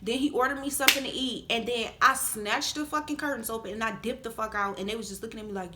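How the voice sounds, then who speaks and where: A woman telling a story to her vlog audience in a casual, animated way, swearing freely and growing loud when angry. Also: fairly high pitch, fast talker, few pauses, noisy background. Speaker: vlogger telling a story time.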